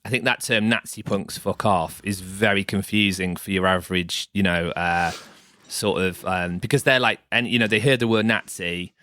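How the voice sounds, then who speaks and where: A man's voice: sits low, moderate pace, sharp tone, dry recording, studio quality. A middle-aged man hosting a podcast, talking in a rambling, hesitant way with lots of restarts. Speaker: podcast host. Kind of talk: casual chat.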